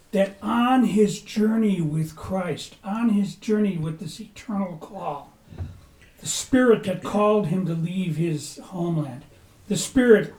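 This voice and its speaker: Impassioned high-voiced male preacher. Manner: impassioned, swings from loud to hushed. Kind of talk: sermon. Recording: echoey room, mic at a distance.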